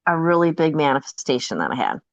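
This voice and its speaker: A woman's voice: low-pitched, very animated, quick pace, dry recording, muffled recording. A woman podcast guest in casual chat, telling a personal story candidly and often laughing.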